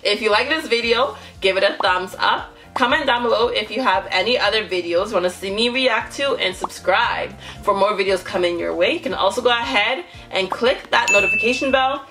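A woman's voice: medium pitch, brisk, hardly any pauses, bright, forceful tone, faint music behind. A woman hosting a casual reaction vlog, chatty and gushing, laughing often as she talks to her viewers. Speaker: reaction YouTuber.

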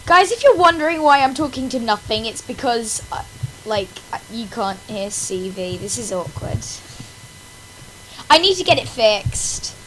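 A woman with a high, bright-pitched voice talks through a video game she is struggling with. She drags her words out slowly and makes self-mocking, melodramatic complaints, breaking into wails and laughter. A faint hiss sits under her desktop mic. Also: lively intonation, low-quality recording. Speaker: gaming channel host. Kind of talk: casual gameplay commentary.

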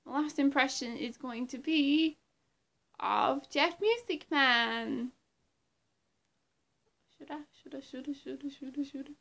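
A woman vlogger in casual chat with her viewers, rambling, giggly and prone to trailing off into soft murmurs. She has a throat infection, and her slow speech carries a gravelly fry over a slightly high pitch.

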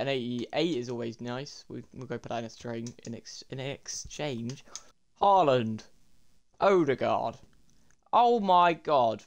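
A young man, commentating his game pack openings in an excitable way and talking to viewers as lads and boys. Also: a little high. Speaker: gaming YouTuber.

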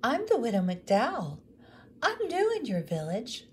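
A woman's voice: a little high, wildly swooping pitch, unhurried, darkish tone, slight background noise, voice pushed up. A woman voicing a polite, earnest widow in a read-aloud story.

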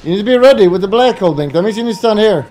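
Lively high-voiced man calling out plays. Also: very fast, poor audio. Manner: loud, urgent shouted callouts and laughing teasing. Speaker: streamer playing with teammates. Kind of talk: excited gaming commentary.

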